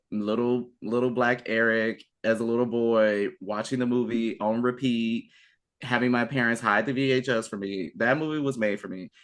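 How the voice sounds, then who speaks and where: A man's voice: on the low side, fairly bright tone. Chatty man, a podcast guest. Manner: chatty and enthusiastic, trailing fillers. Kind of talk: casual chat.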